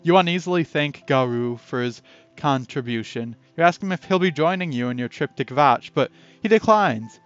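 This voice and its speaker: A man's voice: fairly high pitch, animated, normal speed. A man reading a text game aloud in a casual playthrough, chatty and breaking off to add his own comments. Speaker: game player and narrator. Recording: dull lo-fi audio with faint music.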